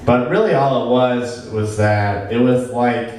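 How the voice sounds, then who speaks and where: A man doing a stand-up comedy set on stage, talking in a halting, rambling way with lots of restarts. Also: mid-range voice, fairly even intonation, darkish tone. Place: small comedy venue stage. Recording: very echoey room, mic from a distance.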